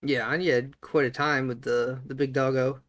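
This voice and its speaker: A man reacting to an anime episode in relaxed, chuckling chat. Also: mid-range voice, moderate pace, highs cut off. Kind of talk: casual chat.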